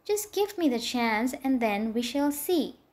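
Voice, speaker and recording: A woman's voice: on the high side, sing-song, measured pace, darkish tone. A woman voicing an envious, spiteful young maid who speaks rudely and sneeringly in a storybook reading. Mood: scheming. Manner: rude, sneering.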